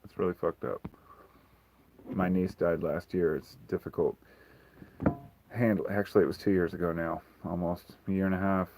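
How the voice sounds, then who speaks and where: A man's voice: sits low, steady tone, moderate pace, long pauses, noisy background. A man hosting a casual livestream Q&A, talking frankly and rambling, swearing freely. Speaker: livestream host.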